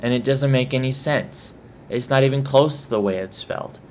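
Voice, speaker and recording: A man's voice: medium pitch, moderate pace, darkish tone, a little hiss or hum. A man from Texas with a Texan accent, reading out a word list and casually commenting on how he says each word. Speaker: vlogger.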